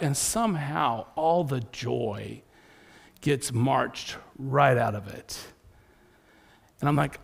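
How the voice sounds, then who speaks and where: A man preaching a sermon as pastor in a church, telling lively personal stories. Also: medium pitch, slow, creaky, pauses often, husky. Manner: animated storytelling.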